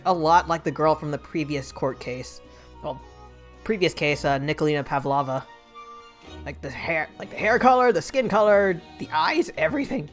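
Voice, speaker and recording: A woman's voice: low voice, lively intonation, normal speed. Giggly woman chatting while gaming. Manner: chatty, giggly, self-deprecating. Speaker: streamer playing a game. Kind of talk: casual let's-play commentary. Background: faint game music.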